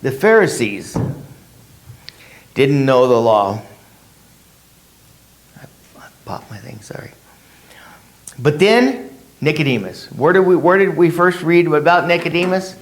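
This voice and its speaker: A man's voice: a little high, animated, a little slow, long pauses. A man leading a casual Bible study, who asks his class rhetorical questions and acts out the people in the story in his own words.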